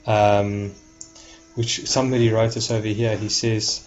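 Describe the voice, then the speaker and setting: A man's voice: fairly low pitch, little pitch movement, measured pace, lo-fi sound, a little hiss or hum. A man talking casually to his viewers, rambling, repeating words and restarting sentences. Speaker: vlogger.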